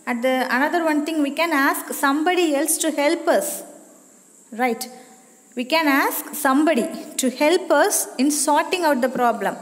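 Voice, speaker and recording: A woman's voice: high-pitched, big-room sound. A woman teacher telling a moral story to children, repeating each line and checking with "right?". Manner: repetitive, asks "right?" often.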